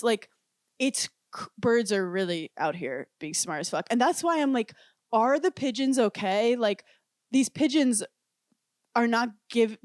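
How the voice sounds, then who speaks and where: A young woman with a fairly high voice tells giggly, animated stories in a casual podcast chat. She peppers her talk with "like". The sound is dry and close. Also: dry recording. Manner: giggly, animated storytelling with frequent "like". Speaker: podcast co-host.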